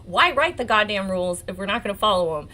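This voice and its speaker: A woman in her forties with an American accent, hosting a legal commentary livestream in an excitable, emotional way, swearing and laughing often. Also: medium pitch, fast talker, poor audio. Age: 40s. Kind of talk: casual live-stream commentary.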